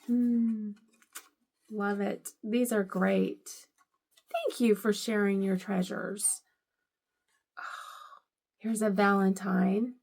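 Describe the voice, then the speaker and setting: Slow, gravelly-voiced woman gushing over gifts. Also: mid-range voice, a little mellow. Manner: gushing, delighted, lots of "I love it". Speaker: vlogger unboxing gifts. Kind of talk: casual vlog narration.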